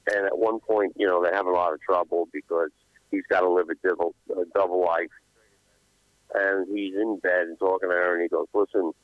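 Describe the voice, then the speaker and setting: Deep-voiced male guest, dull line. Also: no room sound. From New York. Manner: relaxed, hesitant, many fillers. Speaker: guest musician. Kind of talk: casual radio interview.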